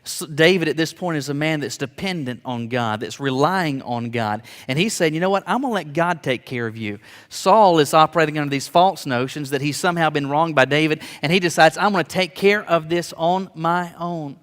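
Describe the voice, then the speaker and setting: A man's voice: a little high, fairly quick, hardly any pauses, fairly bright tone. Preaching man in a reverberant hall. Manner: earnest preaching with rising emphatic peaks and small stammered restarts. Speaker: pastor. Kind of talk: sermon.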